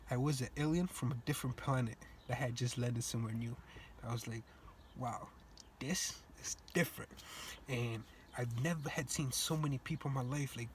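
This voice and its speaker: Young man from Cape Verde, reflective storyteller, relaxed casual phrasing, faint noise underneath. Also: fairly high pitch. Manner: reflective, earnest, loose casual grammar. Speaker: student speaker. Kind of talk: personal storytelling speech.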